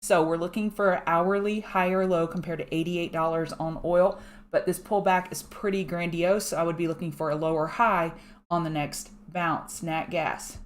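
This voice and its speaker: Fast-talking woman reviewing charts. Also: fairly low pitch, steady tone. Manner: fast-talking, chatty, thanks viewers by name. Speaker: market analyst host. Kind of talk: live trading chart commentary. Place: home room.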